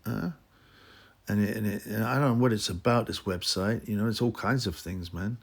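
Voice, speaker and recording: Hosting a boxing commentary channel, a man rants in a mocking, rambling casual monologue full of fillers and restarts. His voice is creaky and moderately paced, and he slips into mocking high voices when quoting people.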